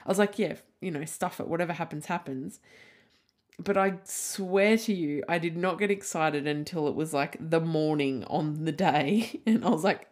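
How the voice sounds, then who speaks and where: Her voice is low-pitched and a little mellow, moving at a moderate pace. She's in her thirties, hosting a solo podcast and chatting casually, rambling with plenty of "like" and an odd curse.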